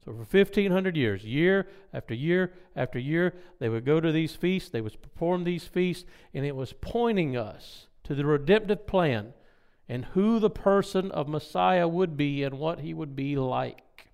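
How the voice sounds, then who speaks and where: A man preaching a Bible teaching in an emphatic way, slowing down to stress key words and making asides to his listeners. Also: on the high side, lively intonation, vocal fry, a little mellow, clean tone. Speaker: pastor teaching a Bible study. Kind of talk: sermon-style Bible teaching.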